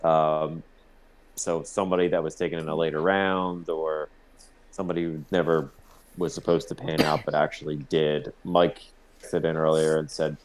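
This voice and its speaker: A man's voice: extremely low pitch, flat delivery, normal speed, background noise. A man co-hosting a casual sports podcast, swearing freely and laughing often while leading the discussion. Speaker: podcast co-host. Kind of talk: casual sports-talk chat.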